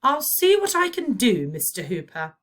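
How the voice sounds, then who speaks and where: Lady putting on a high slow posh old queen, calm and gracious, storybook voice. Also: full character voice. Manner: slow, stately, very polite.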